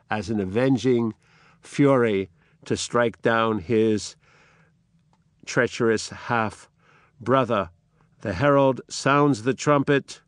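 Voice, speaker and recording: An older man giving a literature lecture, telling the scene slowly and dramatically and reading out the quotes. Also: mid-range voice, smooth, no room sound, studio quality. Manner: slow, dramatic storytelling with acted quotes.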